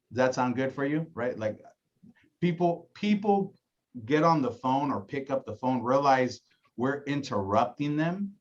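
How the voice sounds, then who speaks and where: An insurance agency director gives a casual training talk on setting phone appointments, acting out calls and often tagging his points with "right?" His medium-pitched voice is expressive and a little slow, and the sound is lo-fi.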